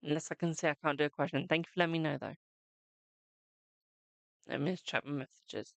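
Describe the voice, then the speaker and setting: A man's voice: fairly high pitch, fairly quick, vocal fry, pauses often, fairly bright tone, dry recording. A man with a British accent giving live-stream tarot readings in a chatty way, calling viewers "my darling". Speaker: tarot reader.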